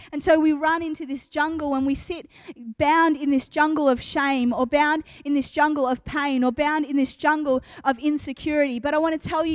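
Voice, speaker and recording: High-voiced woman giving a chatty youth talk. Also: no echo, clean studio sound. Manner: chatty and earnest, full of "like" and "um". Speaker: youth speaker. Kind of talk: casual youth devotional talk.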